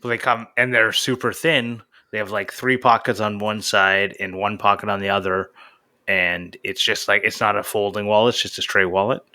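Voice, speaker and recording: A man's voice: lowish voice, steady tone, moderate pace, sharp tone. A man co-hosting a podcast, chatting casually and joking around. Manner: jokey, puts on a movie trailer voice. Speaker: podcast co-host. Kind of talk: casual chat.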